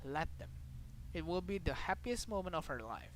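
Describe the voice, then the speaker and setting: A game streamer, reading a story game's text aloud in a dramatic way, with sudden loud outbursts. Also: medium pitch, lively intonation, moderate pace, slight background noise, low-quality recording. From Indonesia.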